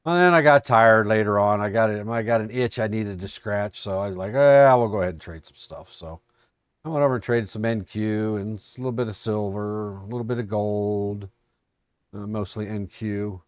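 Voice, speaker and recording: A man's voice: fairly low pitch, normal speed, clean tone, dry recording, studio quality. An American man giving a casual, folksy live-stream recap of his trading day, joking and thinking aloud as he looks over charts. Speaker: trading educator.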